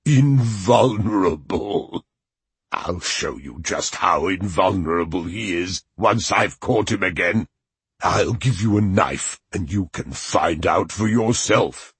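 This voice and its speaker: Man voicing the Adderhead, a snarling husky tyrant. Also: deep voice, lively intonation, dry recording, full character voice. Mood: menacing. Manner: snarling, slow and menacing. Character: cruel ailing old male tyrant king. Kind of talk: audiobook character voice.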